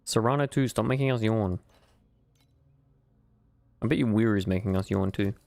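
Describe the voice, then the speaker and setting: A man's voice: fairly low pitch, moderate pace, creaky, darkish tone, dry recording. Sleepy, swearing male game streamer. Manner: loose, profane banter with chat. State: sleepy and yawning. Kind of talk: casual live-stream chat.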